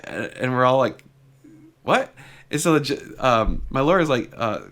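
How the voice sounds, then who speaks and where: A car vlogger with a slightly bright, mid-range voice tells a story in a casual, chatty way. Retelling conversations, he sprinkles "like" all through his speech.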